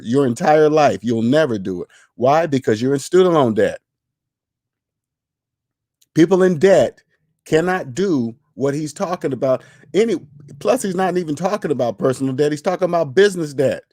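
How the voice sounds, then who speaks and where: A man hosts a money talk stream, hammering his points home again and again in an emphatic, lecturing way. His voice sits a bit high for a man. The sound is close and dry, with no room in it. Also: mellow, no room sound. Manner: reads and answers viewer chat. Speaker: finance channel host. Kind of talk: casual livestream commentary.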